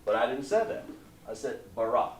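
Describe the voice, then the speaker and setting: A man teaching an online language class, patient and repetitive, drawing out words slowly to model pronunciation. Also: fairly high pitch, expressive, fairly bright tone, recorded from a distance. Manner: patient, repeats points, drawn-out slow pronunciations. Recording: echoey room, voice away from mic.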